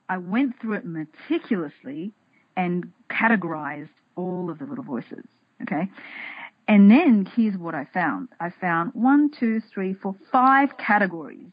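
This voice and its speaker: A woman's voice: fairly low pitch, breathy edge, no echo, highs cut off. A woman guest on a podcast, talking casually and animatedly, acting out her inner voices, often restarting and repeating words. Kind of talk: casual interview talk.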